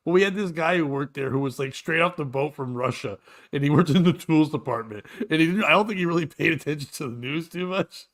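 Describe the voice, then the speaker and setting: Animated, profane man telling a story. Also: on the high side, fast. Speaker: show host and comedian. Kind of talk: casual storytelling chat.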